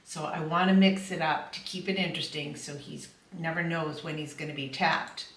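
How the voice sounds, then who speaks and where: A middle-aged woman dog trainer explaining puppy training in a calm, affirming voice. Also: low-pitched, normal speed, faint music behind. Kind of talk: instructional voice-over. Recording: echoey room, from far off, faint noise.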